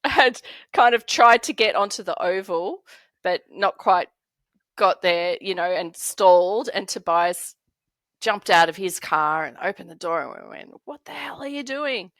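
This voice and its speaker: A woman's voice: lowish voice, measured pace, fairly bright tone, no echo. A middle-aged woman from Australia telling a story as a podcast guest, laughing often and acting out the voices of the people in it. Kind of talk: animated storytelling.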